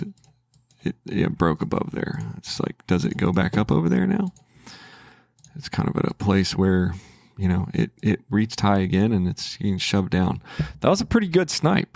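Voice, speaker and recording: Low gravelly man thinking aloud. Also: no echo, studio quality. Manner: thinking aloud, hesitant, with restarts and self-talk. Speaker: trading channel host. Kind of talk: casual trading commentary.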